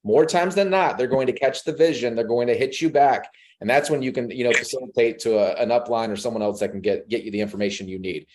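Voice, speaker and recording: A man's voice: medium pitch, quick pace, background noise. A man hosting a team sales call, giving motivational talk and acting out conversations with prospects over a video call. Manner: animated, acts out conversations with changed voices.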